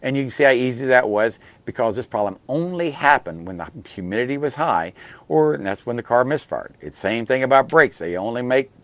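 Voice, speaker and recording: A man's voice: mid-range voice, lively intonation, a little fast, no echo. A middle-aged man hosting a call-in car advice show, giving folksy, repetitive, plain-spoken repair tips. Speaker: radio show host, auto technician.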